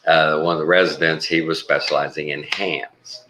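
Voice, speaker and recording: A middle-aged man with a very low voice tells rambling, laid-back stories in casual chat. He drawls easily and swears offhandedly. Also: level tone, normal speed, background noise. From Texas. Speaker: traveling surgical tech.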